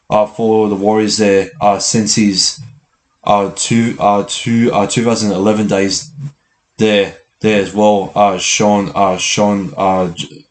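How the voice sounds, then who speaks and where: A man giving a casual rugby league preview, talking haltingly with a stutter and many fillers. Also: lowish voice. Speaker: rugby league fan commentator. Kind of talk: casual pre-match preview.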